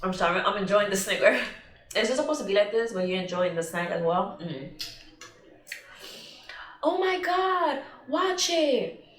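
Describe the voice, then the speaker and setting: A woman's voice: medium pitch, fast talker. A young woman vlogger telling an emotional story in a casual, rambling way, with many fillers. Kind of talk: casual storytelling while eating. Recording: echoey room.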